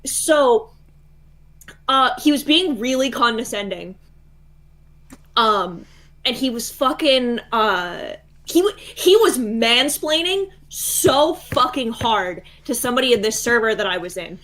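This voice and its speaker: A woman's voice: on the high side, expressive, slow pace, a bit bright. A woman on a voice call telling a story in a casual, heated way, swearing a lot and laughing as she goes. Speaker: guest caller.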